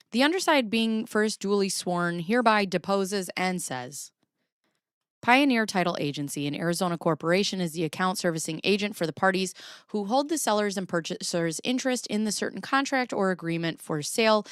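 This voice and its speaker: A woman with a low, clear, resonant voice runs a casual basement livestream from home, pointing the camera at herself. She reads documents aloud, chats with her audience, swears, and laughs frequently, in echo-free, studio-quality sound.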